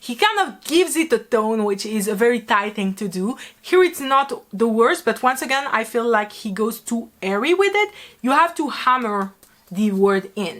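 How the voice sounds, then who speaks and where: A woman's voice: a little high, animated, brisk, fairly bright tone. A woman from France with a French accent, giving casual, chatty commentary full of fillers as a YouTuber reviewing a series. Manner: chatty, many fillers, laughs easily.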